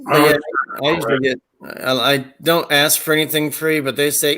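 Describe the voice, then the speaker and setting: A man's voice: a little high, normal speed, sharp tone. A man telling rambling, crude comic anecdotes in casual talk and slipping into voice impressions. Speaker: storyteller.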